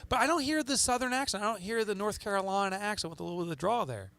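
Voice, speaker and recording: A man's voice: high-pitched, expressive, racing, creaky, a bit bright. A man with a New Jersey accent hosting a podcast in a loose, chatty, joking way. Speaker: podcast host.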